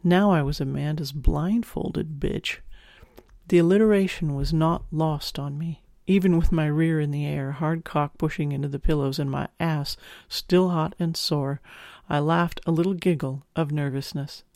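Male audiobook narrator, first person, intimate and expressive, gravelly edge, dead-dry close mic. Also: fairly high pitch, moderate pace, no echo.

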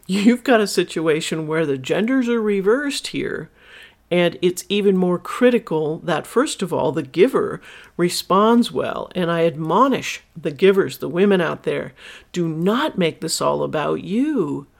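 A woman's voice: fairly low pitch, lively intonation, a little slow, vocal fry. A woman hosting her own podcast, speaking candidly and emphatically as she tells personal stories and gives advice as a sex educator. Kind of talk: solo podcast monologue.

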